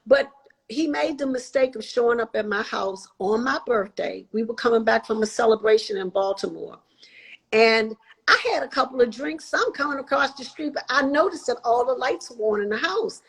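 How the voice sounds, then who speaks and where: Sixties woman telling her story on a podcast, kinda husky, acts out everybody's lines. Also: on the high side, normal speed, low-quality recording. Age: 60s. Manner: animated storyteller, acts out quoted voices. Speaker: guest. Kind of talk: interview storytelling.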